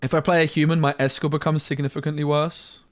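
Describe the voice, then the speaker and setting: A man's voice: on the high side, level tone, quick pace, no room sound. A man streaming a card game, chatting casually and muttering asides with mild slang. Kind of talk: casual gameplay commentary.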